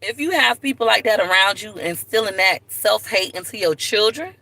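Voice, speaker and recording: A young woman from Tampa chatting casually to viewers on a live video from her car, lively and direct. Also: mid-range voice, normal speed, poor audio. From Tampa, Florida. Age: young adult. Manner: chatty, animated, talks straight to viewers. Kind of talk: casual livestream chat. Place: in a car at a park. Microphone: phone camera.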